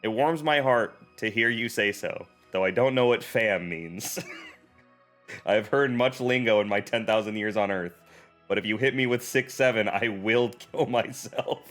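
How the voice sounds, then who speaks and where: A weary ancient giant, thousands of years old, speaks slowly and gravely in a video game, as a male streamer puts him on. His tone is mock-solemn, with faint game music behind. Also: fairly low pitch, a bit bright.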